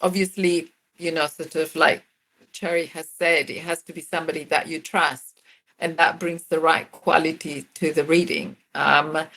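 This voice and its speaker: Soft-spoken low-voiced woman poet from Mexico. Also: level tone, normal speed. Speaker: author and poet. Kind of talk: casual interview conversation.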